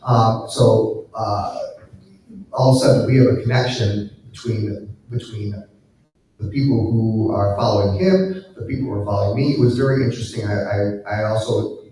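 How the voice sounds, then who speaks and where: Halting man in an echoey room. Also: fairly low pitch, warm tone, slight background noise. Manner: halting, many fillers and restarts. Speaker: panelist. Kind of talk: live panel discussion. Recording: echoey room heard from far off.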